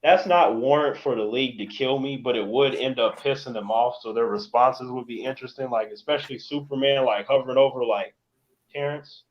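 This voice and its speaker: A man's voice: mid-range voice, a little fast, few pauses, dull audio. A man chatting casually with a friend on a live stream, joking and acting out imagined scenes. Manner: jokey, acts out scenes in put-on voices. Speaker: co-host. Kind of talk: casual chat.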